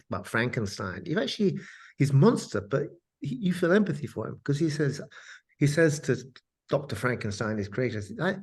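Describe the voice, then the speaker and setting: A man, an author, telling animated stories in an interview. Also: medium pitch, husky. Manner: animated storyteller. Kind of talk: interview, anecdotal storytelling.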